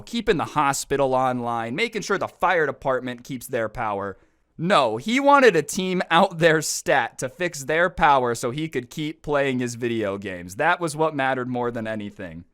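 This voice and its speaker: A man telling a storytime to camera, sarcastic and incredulous, with animated retelling. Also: mid-range voice. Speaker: storytime YouTuber. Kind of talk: storytime commentary.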